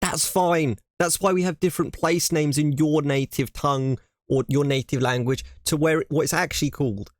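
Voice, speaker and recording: A man's voice: a little high, steady tone, normal speed, hardly any pauses, no echo, studio quality. An English man reacting to a video on his stream, ranting animatedly and repeating himself in casual chat.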